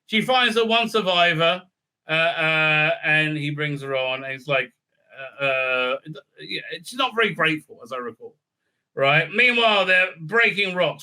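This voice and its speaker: A man's voice: fairly high pitch, animated, unhurried, sharp tone. A man ranting sarcastically through a show recap, profane and rambling, with lots of fillers. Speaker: online video reviewer. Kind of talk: casual recap and review rant.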